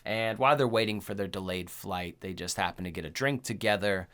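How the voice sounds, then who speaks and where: A man hosting a horror movie podcast, telling the story in a rambling, profane, animated way. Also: on the low side, fairly quick, clean tone. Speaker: podcast host. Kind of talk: casual movie recap chat.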